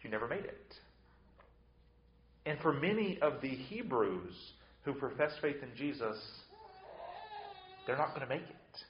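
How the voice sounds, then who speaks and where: A male pastor preaching with force, swinging from hushed lines to loud ones and repeating words as he restarts. His voice carries a roomy echo, and the sound is slightly dull. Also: medium pitch, animated, measured pace, long pauses. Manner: emphatic preaching with sudden swings between loud and soft. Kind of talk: sermon.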